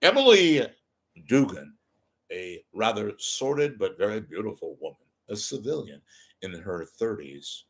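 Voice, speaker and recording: A man putting on the voice of an older male news anchor, reporting with solemn newscaster delivery as a comic impression. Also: low-pitched.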